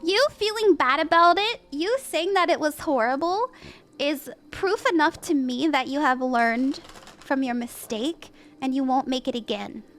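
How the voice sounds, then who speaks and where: A woman's voice: high voice, a little slow, a bit bright. A woman hosting a casual live-stream tarot reading, bubbly, giggly and encouraging as she gives advice. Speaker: tarot reader and livestream host.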